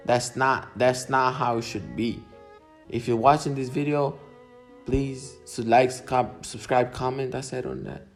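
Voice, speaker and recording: A man's voice: medium pitch, fairly even intonation, unhurried, faint music behind. A young man vlogger casually commenting on his own silent video, laid-back, swearing and mocking himself.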